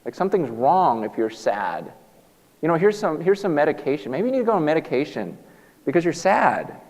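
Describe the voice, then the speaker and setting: A man preaching a sermon as a pastor, emphatic and animated, often restarting his sentences. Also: on the high side, fairly quick. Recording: long hall reverb.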